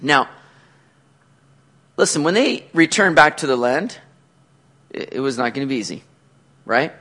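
A man preaching a sermon as pastor, animated, acting out quotes with loud, excited outbursts. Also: mid-range voice, unhurried.

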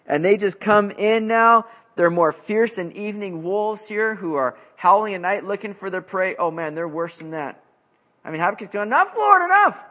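A high-pitched male pastor works through scripture in an expository sermon. His delivery is casual and animated, with a conversational feel and plenty of fillers. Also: normal speed.

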